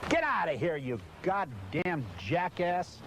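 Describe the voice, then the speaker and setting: Male VO announcer, profane, cursing through blown commercial takes, higher voice that swings wildly. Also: big pitch swings, takes it slowly, noisy background. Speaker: voice-over announcer.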